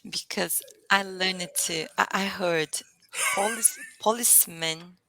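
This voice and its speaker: A woman practises English pronunciation on a video call, going slowly and repeating each word with care. Her voice is gravelly, bright and somewhat low, and the sound is dry and close. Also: no room sound, low-quality recording. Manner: careful, halting, repeats words to practise. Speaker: English learner. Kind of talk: casual online lesson.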